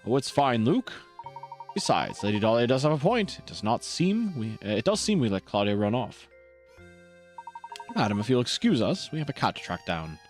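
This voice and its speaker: A man voicing a courteous, calm gentleman professor with a measured, polite manner. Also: mid-range voice, soft background music, close to an everyday voice. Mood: composed.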